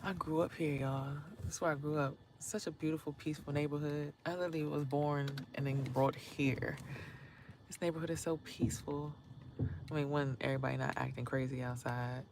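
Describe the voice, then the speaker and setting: A woman vlogging in a chatty, slangy way, laughing often and swinging between loud remarks and hushed asides. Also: sits low, steady tone, brisk, creaky, noisy background. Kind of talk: casual spiritual vlog monologue.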